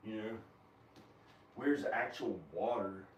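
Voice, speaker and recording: A man at home in his kitchen, rambling in an agitated, meandering monologue with frequent pauses and fillers. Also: on the low side, a little hiss or hum. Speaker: video maker. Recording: echoey room, camera far from the mouth.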